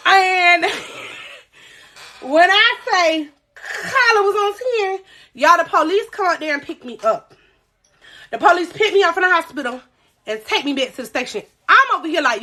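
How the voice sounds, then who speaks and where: A young woman with a high, bright voice tells a story on a phone livestream. She is animated and swears freely. She keeps turning to her viewers to pull them in. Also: normal speed. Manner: animated, profane, addresses viewers directly.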